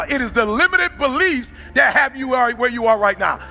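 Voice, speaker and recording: High-voiced man shouting a fervent speech. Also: big pitch swings, fast talker, hardly any pauses, faint music behind. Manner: fervent, often shouting, plainspoken slang. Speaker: motivational speaker. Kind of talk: impassioned motivational speech.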